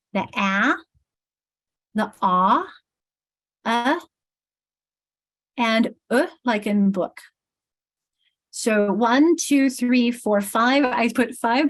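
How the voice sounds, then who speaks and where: A woman trainer leading an online teacher workshop, explaining and sounding out vowel sounds over a video call. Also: fairly high pitch. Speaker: literacy trainer.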